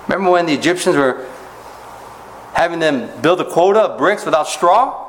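A man pastor preaching an expository sermon, talking conversationally with the congregation, often asking rhetorical questions and rising in pitch to stress a point. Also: moderate pace, a little hiss or hum, poor audio. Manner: animated rises in pitch when making a point.

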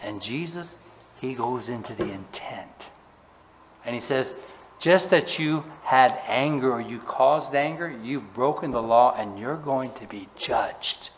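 A man preaching a sermon, asking his listeners questions and swinging between loud emphasis and quiet, low asides. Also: measured pace, slight background noise. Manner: asks the congregation questions. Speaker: pastor. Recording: long hall reverb.

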